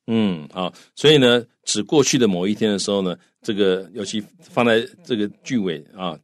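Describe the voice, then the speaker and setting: A man's voice: on the low side, normal speed. A man co-hosting a language lesson, explaining in a chatty way with lots of filler particles. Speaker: co-host explaining in Mandarin.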